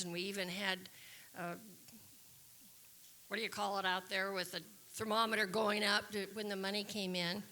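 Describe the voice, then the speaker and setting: A woman's voice: medium pitch, sharp tone. A woman introducing the next act on stage at a community hall, chatting and searching for words. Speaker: community board member introducing acts.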